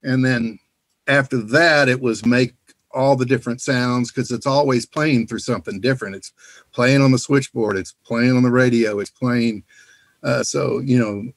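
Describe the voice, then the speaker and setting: Male sound designer on a video call, rambling, filler-heavy, mid-pitched. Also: no echo. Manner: rambling, full of "you know" fillers. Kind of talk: casual panel Q&A over a video call.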